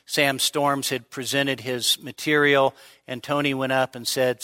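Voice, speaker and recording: A man's voice: medium pitch, flat delivery, unhurried, pushed and bright, smooth. A male pastor giving a midweek teaching sermon, explaining step by step and often checking in with his listeners.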